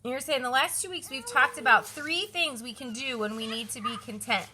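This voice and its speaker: Bright-voiced woman explaining a kids' lesson. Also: high voice, fairly quick. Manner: chatty, stops to correct her children mid-explanation. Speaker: children's ministry leader. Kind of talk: recorded lesson walkthrough. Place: home, with her small children around.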